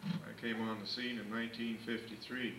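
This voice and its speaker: A man's voice: fairly low pitch, little pitch movement, normal speed. A man in his thirties telling rambling, folksy family stories in a casual party speech. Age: 30s. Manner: folksy, rambling storytelling with fillers. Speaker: grandson giving a party speech. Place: indoor family birthday party. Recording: echoey room, distant camcorder mic, faint hiss.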